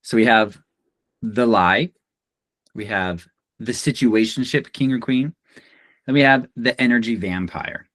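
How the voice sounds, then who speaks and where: A man hosting a casual panel chat over a video call, briskly moving the group through the list. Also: medium pitch, a bit bright, no room sound. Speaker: podcast host.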